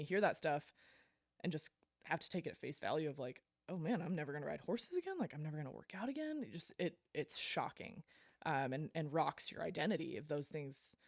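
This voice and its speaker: A woman's voice: low-pitched, no echo, clean studio sound. A woman guest on a podcast, telling her story in a blunt, frank way, swearing casually and laughing between lines. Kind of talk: candid storytelling interview.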